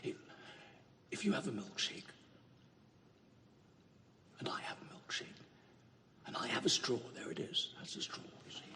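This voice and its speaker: An actor playing a ruthless middle-aged oilman who taunts, dropping to a hush and then bellowing, heard in a film clip. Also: moderate pace, long pauses, distant mic, close to an everyday voice. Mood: menacing, gloating. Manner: taunting, swings from hushed to bellowing. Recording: echoey film clip from afar, faint room noise.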